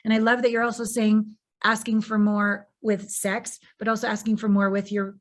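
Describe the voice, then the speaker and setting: A woman's voice: mid-range voice, flat delivery, moderate pace. Woman, podcast host, effusive, searching, chatty interview. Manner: effusive and searching, full of "like" and restarts. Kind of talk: casual interview conversation.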